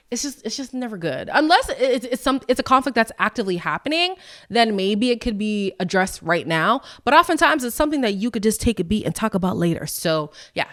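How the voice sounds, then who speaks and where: A woman hosting a podcast, chatting in a candid, sassy way with frank asides to her listeners. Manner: lively, with quick jumps in pitch. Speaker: podcast host. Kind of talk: casual recap chat.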